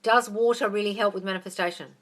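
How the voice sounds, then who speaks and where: Australian woman, 30s, brash livestream coach, bright tone, blunt and sweary. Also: mid-range voice, fairly even intonation, fast talker, slight background noise. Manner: blunt, brash and profane, calls listeners darling. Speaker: manifestation coach. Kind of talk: livestream Q&A, reading and answering viewer questions.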